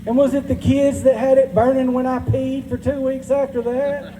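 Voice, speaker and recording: A man's voice: high voice, steady tone, normal speed, long reverb tail, background noise, natural voice. Man doing a furious sarcastic Southern wife. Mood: accusing. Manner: sarcastic, accusing. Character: angry Southern wife confronting her cheating husband.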